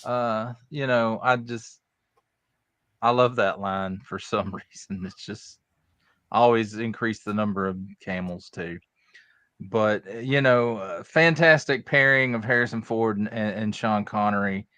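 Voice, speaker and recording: A man's voice: on the low side, measured pace, pushed and bright, no room sound. A man giving his casual take on a movie in an easygoing, chatty way. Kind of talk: casual movie review chat.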